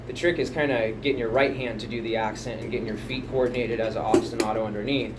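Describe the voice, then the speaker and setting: A man's voice: medium pitch, steady tone, fast talker, hardly any pauses, noisy background. A man casually explaining a drum pattern, rambling and chatty, counting beats aloud at home. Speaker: drum teacher. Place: home music room. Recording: home room, mic picking up loud drum kit from a distance.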